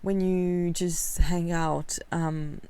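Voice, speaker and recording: A woman giving casual talking-head commentary for a video essay, candid and rambling, with many fillers and soft laughs. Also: fairly low pitch, little pitch movement, extremely slow, smooth, dry recording.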